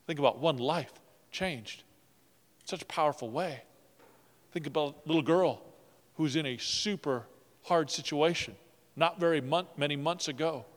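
Earnest pastor in a reverberant church. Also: male voice, medium pitch. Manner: earnest, repeats words when moved. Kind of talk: sermon and closing prayer. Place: church sanctuary. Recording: long reverb of a church hall.

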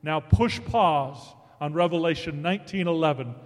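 A man preaching a sermon, reading scripture dramatically and swinging from hushed tones to booming declarations. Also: normal speed. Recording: long hall reverb.

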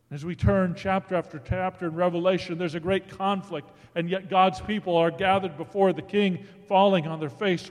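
Man preaching in a reverberant hall. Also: moderate pace. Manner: dramatic, swings from hushed to booming. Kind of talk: sermon reading scripture aloud.

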